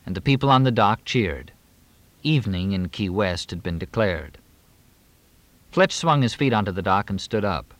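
Guy reading a novel aloud, measured, low-ish, really animated pitch. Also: no room sound. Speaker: audiobook narrator. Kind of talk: scripted narration.

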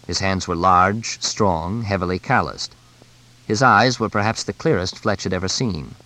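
A man narrating a novel as an audiobook, in a measured, descriptive storytelling manner. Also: low voice, animated, pushed and bright, rough recording. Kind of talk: scripted narration.

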